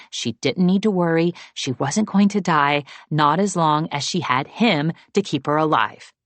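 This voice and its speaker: A woman narrating an audiobook in a steady, measured storytelling manner. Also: low-pitched, no echo. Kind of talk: scripted narration.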